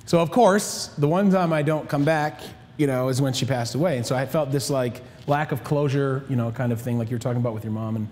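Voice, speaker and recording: A man's voice: medium pitch, steady tone, a little fast, few pauses, darkish tone, in a large hall, slight background noise. A man hosting a casual panel talk, often restarting his words and wandering into asides.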